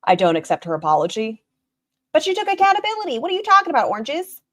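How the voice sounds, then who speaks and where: Sarcastic woman streamer with an animated voice that swings up and down. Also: high-pitched, fast talker, a little hiss or hum. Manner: snarky, animated, mocking. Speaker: stream host reacting to a video. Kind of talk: casual commentary.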